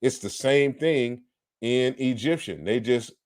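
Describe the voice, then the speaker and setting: A man's voice: medium pitch, slow pace, a little mellow, no echo, studio quality. A man giving an online lecture on word comparisons, explaining patiently and turning combative toward critics. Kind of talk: online lecture on historical linguistics.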